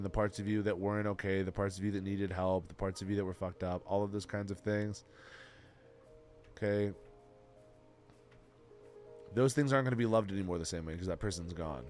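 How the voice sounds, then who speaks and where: Streamer, male, low voice, earnest and emotional, swears a lot, faint background music. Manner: earnest, swears freely, repeats himself. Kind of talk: heartfelt advice to a live chat.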